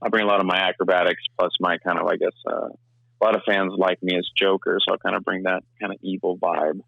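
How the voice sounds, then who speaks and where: A young man giving a casual interview, talking fast in a rambling way full of restarts. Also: deep voice, flat delivery, vocal fry, dry recording, lo-fi sound. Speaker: filmmaker and actor, interview guest.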